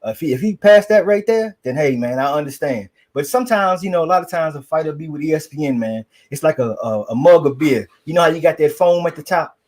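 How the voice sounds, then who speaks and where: A man's voice: fairly high pitch, expressive, fast talker, hardly any pauses, a little mellow. A man giving casual boxing analysis, slangy and rambling with many fillers.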